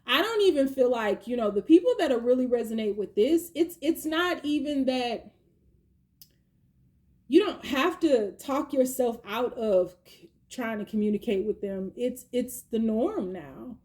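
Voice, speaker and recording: A woman's voice: a little high, a little slow. Chatty tarot reader, woman, slangy. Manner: chatty, animated, slangy, breaks into laughs and playful asides. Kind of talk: casual tarot reading monologue.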